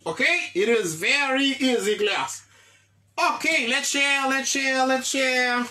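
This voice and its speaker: A woman's voice: sits high, takes it slowly, bright, forceful tone. A woman teaching an English lesson, repeating words often and checking that the class understands.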